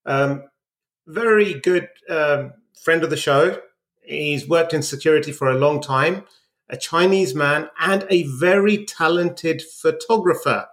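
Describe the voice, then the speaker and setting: Guy with a slightly high voice, cohosting, joking around dry. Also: unhurried, fairly bright tone. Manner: wry, teasing banter. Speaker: podcast co-host. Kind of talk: casual chat.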